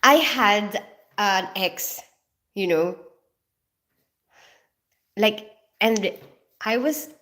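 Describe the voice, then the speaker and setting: A woman's voice: medium pitch, expressive, very slow, long pauses, a bit bright. Giggly Filipino woman chatting to viewers. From Philippines. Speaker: livestream host reading chat. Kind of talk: casual live chat.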